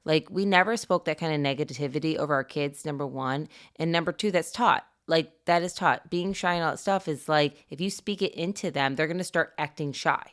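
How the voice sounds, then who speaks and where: A middle-aged woman co-hosts a parenting chat and offers advice in an earnest, confident way. Her voice sits low and sounds smooth and clear. She strings her thoughts together in long, easy runs. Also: fairly quick, few pauses, fairly bright tone. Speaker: parenting podcast co-host. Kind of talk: casual conversational advice.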